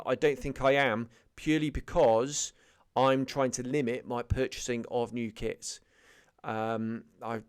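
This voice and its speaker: Guy rambling thru a hobby update, lots of ums, smooth clear voice, dry close sound. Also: mid-range voice, no room sound. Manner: rambling, full of ums and self-corrections. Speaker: scale modelling channel host. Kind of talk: casual news update monologue.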